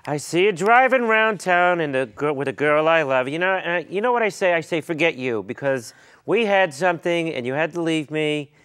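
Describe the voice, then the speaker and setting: A man's voice: on the high side, lively intonation, fairly quick, a bit bright. A man doing an impression of a schmoozy showbiz comedian, mock-crooning with sly patter on a chat show.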